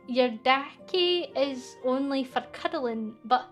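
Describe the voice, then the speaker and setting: Scottish woman, high bright pitch, casual streamer Q&A, laughs easily while reading chat. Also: slow, faint music behind. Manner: chatty, giggly, reads viewer comments aloud. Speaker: VTuber streamer.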